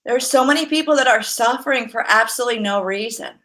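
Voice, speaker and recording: Bright-voiced woman telling lively stories. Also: a little high, fast. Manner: lively storyteller, laughs often, acts out quotes. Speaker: guest, massage therapist. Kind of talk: casual interview chat.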